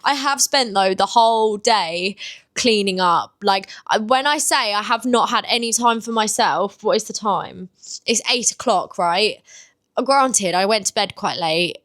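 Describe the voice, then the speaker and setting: Her medium-pitched voice is fairly bright, and she keeps a measured pace. This twenty-something British vlogger opens up casually to her camera in a confessional style, using lots of "like" fillers.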